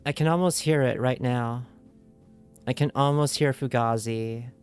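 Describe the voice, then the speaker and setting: A woman's voice: extremely low pitch, a little slow, darkish tone, smooth. Playful woman streamer over faint game music. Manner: playful, giggly, chatting to viewers; puts on a loose, inconsistent accent. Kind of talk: let's play commentary, reading game text aloud.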